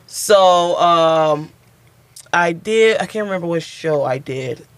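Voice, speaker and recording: Chatty comedian man, slightly high voice. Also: slow pace, clean tone, no room sound. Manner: animated, chatty, acts out quotes. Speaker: stand-up comedian guest. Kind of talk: casual storytelling interview.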